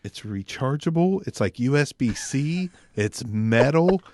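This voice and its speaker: A man's voice: medium pitch, a little slow, no room sound, clean studio sound. A man co-hosting a casual podcast, joking and swearing a lot as he tells stories. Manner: profane, joking, animated storytelling. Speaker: podcast co-host, mic reviewer. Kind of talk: casual chat.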